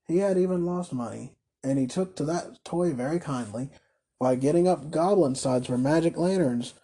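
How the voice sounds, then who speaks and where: A man reading a classic novel aloud as narrator, with a measured, slightly wry delivery. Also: fairly high pitch, mellow, breathy edge. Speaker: audiobook reader. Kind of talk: storybook narration.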